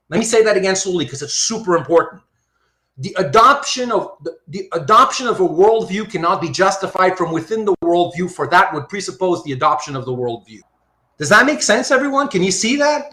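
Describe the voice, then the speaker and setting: A man giving a philosophy lecture, animated and repetitive, often checking whether his students follow. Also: high-pitched, reverberant. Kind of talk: university lecture.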